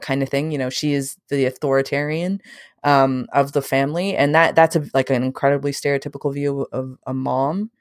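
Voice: medium pitch, fairly even intonation, brisk, dry recording, studio quality. Rambling filler-heavy film reviewer. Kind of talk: casual film review chat.

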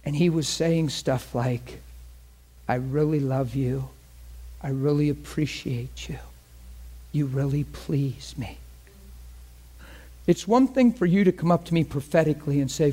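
A man preaching a personal testimony, swinging from hushed speech to loud, breaking, tearful cries. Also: a little high. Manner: earnest storytelling with quoted speech. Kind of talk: testimony sermon.

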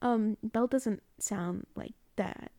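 A woman chats through a story for her own audio diary, wandering off and correcting herself as she goes. Her voice is soft and mellow, and it sits close and dry with no room sound. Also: fairly high pitch, takes it slowly, no echo. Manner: rambling, chatty, corrects herself mid-sentence. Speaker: student recording a personal audio diary. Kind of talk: casual storytelling monologue.

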